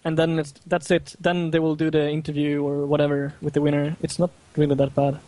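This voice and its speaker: Halting, filler-heavy man, flat voice. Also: a little high, no room sound, low-quality recording. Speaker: guest player. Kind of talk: podcast discussion.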